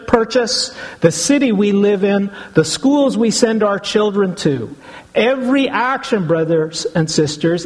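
A man's voice: high voice, rough recording. A middle-aged man, a pastor, preaching an earnest sermon and often addressing the congregation as brothers and sisters.

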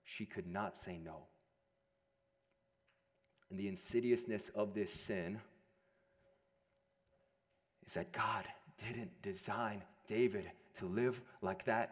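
A young adult man preaching a sermon to a room of listeners, animated, moving between loud emphasis and hushed quiet passages. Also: fairly low pitch, takes it slowly, long pauses. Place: large room with an audience. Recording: long hall reverb.

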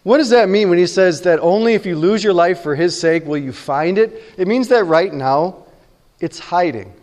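A man's voice: high-pitched, lively intonation, normal speed, a little mellow. A man preaching a sermon as pastor, earnest and conversational, often repeating words as he voices the people in the stories he tells. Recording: long reverb in a large hall.

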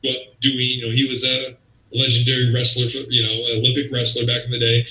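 A wrestling promoter tells an interview story briskly in a mid-range voice, acting out the people in it and their quotes with lively animation. The room sounds spacious and the mic is well away from him.

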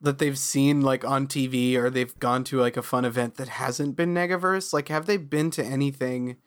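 A man's voice: medium pitch, fairly even intonation, normal speed, clean tone. A man co-hosting a podcast, musing aloud and chiming in during a casual chat about a cartoon. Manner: musing, chimes in with agreement. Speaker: podcast co-host.

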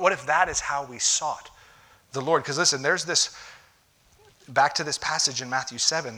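A pastor in church delivers a conversational sermon with a bright, ringing tone. He speaks emphatically and keeps driving his points home with "listen". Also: a little high.

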